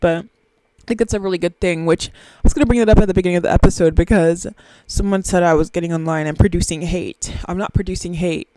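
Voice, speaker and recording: A young woman hosting a casual solo podcast, talking in an animated, silly, excitable way with sudden squeals. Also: lowish voice, fast, hardly any pauses, no echo. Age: young adult. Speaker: podcast host.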